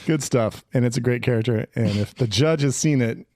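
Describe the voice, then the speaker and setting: A man's voice: medium pitch, fast talker, hardly any pauses, dry recording, clean studio sound. A man co-hosting a casual podcast, telling stories with enthusiasm. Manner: enthusiastic, animated storytelling. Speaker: podcast co-host who edits the show.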